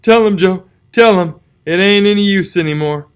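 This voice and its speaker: A man's voice: high-pitched, normal speed, clear, resonant tone, pitched above the performer's own voice, lightly acted. A man reading a storybook aloud, voicing a frightened middle-aged town drunk who pleads tearfully that he is innocent. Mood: tearful pleading.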